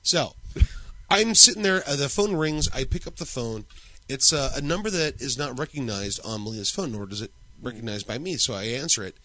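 A man's voice: medium pitch, animated, moderate pace, pushed and bright, no room sound, low-quality recording. A man in his thirties, a podcast co-host, telling a story in crude, joking casual chat.

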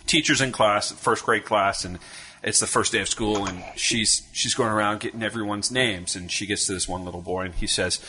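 A man co-hosting a podcast, telling a crude joke in a jokey, animated way. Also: lowish voice, a little fast, slight background noise. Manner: animated, jokey, slips into silly voices. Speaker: podcast co-host. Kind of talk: casual chat, telling jokes.

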